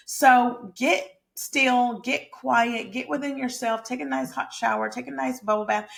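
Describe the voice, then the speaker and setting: Speaking unhurriedly with few pauses, this hairstylist and lifestyle-mindset creator addresses her viewers directly in a casual, emphatic, motivational chat. Her voice is a little high and slightly bright, gravelly, with fairly even intonation.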